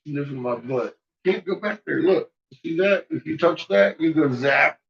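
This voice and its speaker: A man's voice: fairly high pitch, normal speed, vocal fry, highs cut off. A man at home talking to his pets in a playful, teasing way, baby-talking the dog and swearing casually. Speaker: pet owner.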